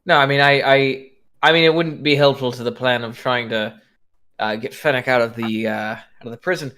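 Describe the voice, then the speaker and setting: A man's voice: mid-range voice, steady tone, bright, forceful tone, clean tone. A man playing a tabletop role-playing game, speaking in character with many fillers and restarts. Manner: halting, full of fillers and restarts. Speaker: player.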